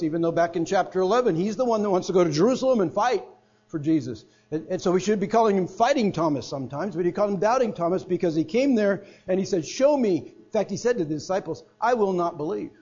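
Preacher with mellow, husky voice. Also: male voice, a little high. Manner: expressive, swings from loud emphatic to quiet hushed. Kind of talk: sermon. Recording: dull lo-fi sound with mains hum.

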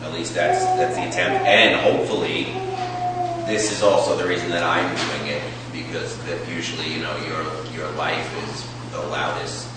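A man offers a thoughtful, measured comment during a class discussion. His voice is very deep and even. He sounds far from the mic, in a very echoey room with clear background noise. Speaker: class participant, father.

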